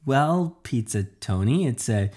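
A man's voice: mid-range voice, lively intonation, takes it slowly. A man voicing a friendly female schoolteacher who is polite and a little hesitant. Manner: bright, polite, slightly hesitant.

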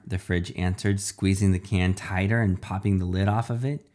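A man narrating a playful, animated first-person adventure story. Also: low-pitched, moderate pace.

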